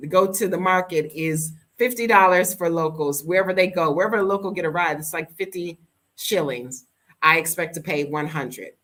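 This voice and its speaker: A woman's voice: fairly low pitch, moderate pace, a bit bright. Blunt, emphatic American woman in her fifties. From United States. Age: 50s. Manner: emphatic, blunt, repeats words for stress. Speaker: vlogger living abroad. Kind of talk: casual storytelling rant.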